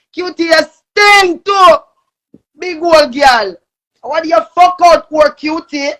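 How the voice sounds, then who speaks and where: A young woman with a Jamaican accent ranting angrily on a live stream, cursing and shouting. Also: high voice. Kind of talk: angry live-stream rant.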